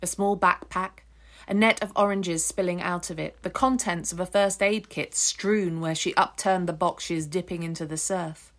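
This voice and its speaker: A woman narrating an audiobook extract in a measured, descriptive storytelling manner. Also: lowish voice, fairly even intonation, fairly bright tone. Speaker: audiobook reader. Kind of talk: scripted narration.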